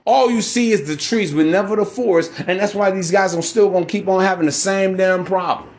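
Brash podcast host, fairly high-pitched man, preachy rant. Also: a little fast. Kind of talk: ranting monologue.

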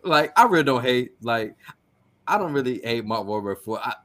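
A man's voice: mid-range voice, lively intonation, normal speed, fairly bright tone. A man who is a guest on a podcast, chatting casually in a rambling way, swearing and stammering through restarts.

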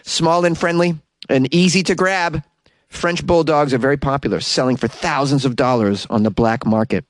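A man's voice: fairly high pitch, moderate pace, no echo. Exasperated man ranting on talk radio. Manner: exasperated, incredulous, jokey ranting. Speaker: radio host. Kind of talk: solo talk radio rant.

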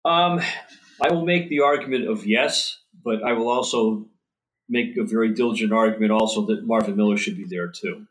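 A man's voice: lowish voice, moderate pace, rough recording. A man who writes books on baseball, answering interview questions in an earnest, thorough way. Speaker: baseball author guest.

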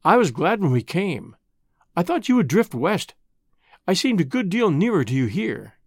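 A narrator voicing a loving, determined middle-aged mother who speaks softly and tenderly. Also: mid-range voice, sing-song, normal speed, slightly rough, no room sound, clean studio sound. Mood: gentle. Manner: soft, tender. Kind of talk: reading a classic short story aloud.

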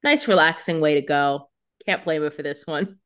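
A woman co-hosting a podcast, chatty and reactive, adding quick comments while recapping a TV episode. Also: low-pitched. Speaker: podcast co-host. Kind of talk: casual recap chat.

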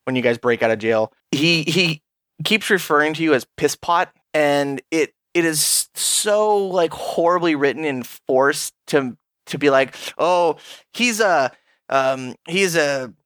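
A man's voice: fairly high pitch, a little slow, no echo. A man co-hosting a podcast, ranting in a casual, profane way about a video game. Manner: profane, ranting, animated complaints. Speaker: podcast co-host.

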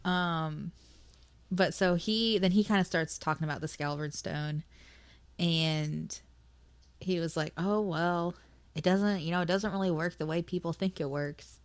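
A woman with a lowish voice chats casually as a podcast co-host. She gets emotional, laughs a lot and swears freely. The sound is close and dry. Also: steady tone, measured pace, no echo. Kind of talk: casual book chat.

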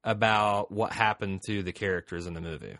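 A man's voice: on the low side, steady tone, a little fast, fairly bright tone, no room sound, studio quality. A man with a Midwestern American accent co-hosting a podcast in casual, joking, profane chat. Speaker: podcast co-host.

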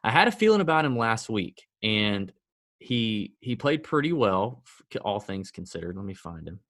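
A man's voice: lowish voice, big pitch swings, moderate pace, fairly bright tone, no echo. Dry-sounding man in casual golf-betting chat. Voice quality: conversational, sardonic, thinks aloud with fillers and self-corrections. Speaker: podcast co-host.

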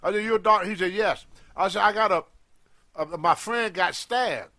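Older male guest, lively storyteller, acts out voices. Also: high voice, moderate pace. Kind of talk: storytelling in a podcast interview.

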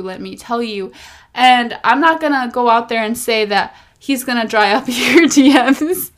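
A woman's voice: mid-range voice, fairly bright tone. A young woman hosting her own podcast, chatting candidly and rambling a little, often repeating words for emphasis. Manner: candid, self-reflective, faith-centered. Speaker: podcast host. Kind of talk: casual solo podcast talk.

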